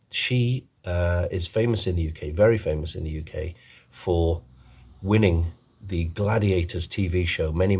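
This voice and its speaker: A man's voice: deep voice, dark tone, breathy edge. A man giving a rambling, casual film review, full of ums and restarts.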